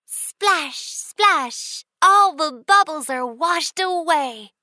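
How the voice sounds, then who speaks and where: A woman voicing a gentle, doting mother bunny in a children's storybook, talking in a coaxing, soothing way. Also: high-pitched, expressive, no echo, clean studio sound, exaggerated voice. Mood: cheerful coaxing. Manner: sing-song, coaxing, slow and soothing.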